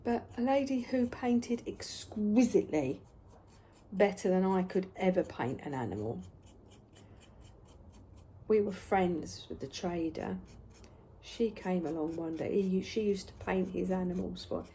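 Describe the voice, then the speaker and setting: A woman's voice: medium pitch, animated, unhurried, dark tone, slight background noise. A woman telling chatty craft-market stories while she paints, sometimes dropping to a whisper. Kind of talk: casual storytelling while painting.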